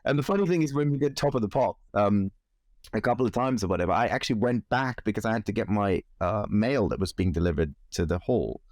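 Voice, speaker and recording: A man in his forties, a musician being interviewed, telling animated stories with frequent laughs. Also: lowish voice, fast, no room sound, clean studio sound. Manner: animated anecdotes, laughs often, acts out quoted voices. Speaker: musician guest. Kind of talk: casual interview storytelling.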